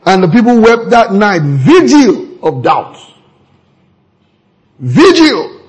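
A husky, high-voiced preacher. He swings his pitch all over the place and hammers words home by repeating them. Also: unhurried, low-quality recording. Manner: animated preaching, sudden jumps in pitch, repeated words for emphasis. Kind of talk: sermon.

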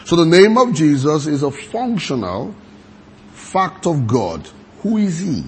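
Animated husky preacher man. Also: on the high side. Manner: animated, questions the congregation, reads scripture slowly. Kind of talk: sermon.

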